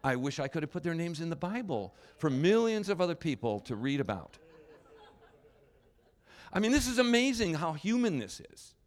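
A man's voice: a little high, sing-song, moderate pace. A man preaching a sermon as a pastor, in a conversational, wry way with asides and restarts.

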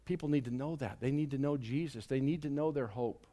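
A man preaching a sermon as pastor, animated and drawing the congregation into call and response. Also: medium pitch, brisk. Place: church sanctuary.

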